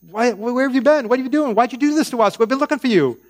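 A man voicing a worried mother who scolds her lost son with rapid, anxious questions. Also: very high-pitched, a little mellow, pitched above the performer's own voice.

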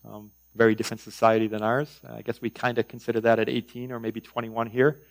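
A man preaching in a relaxed, conversational way, his voice at an ordinary middle pitch. He drifts between reading scripture and chatty asides, often pausing on "um" and "you know". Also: vocal fry, poor audio. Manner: conversational, with frequent fillers and asides. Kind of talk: sermon.

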